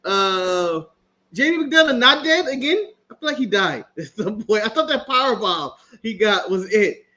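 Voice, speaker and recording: A man's voice: sits high, animated, moderate pace, sharp tone. An American man co-hosting a casual wrestling review chat, joking, laughing often and swearing freely. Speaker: podcast co-host.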